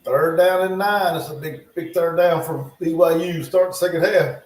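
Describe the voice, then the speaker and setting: A man's voice: a little high, moderate pace, a little mellow. Male streamer, loose play-by-play with offhand asides, recorded at home in a roomy echo. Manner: chatty, thinks aloud, muttering asides. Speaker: livestream host reacting to football. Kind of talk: casual live game commentary. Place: home in North Carolina. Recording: echoey room.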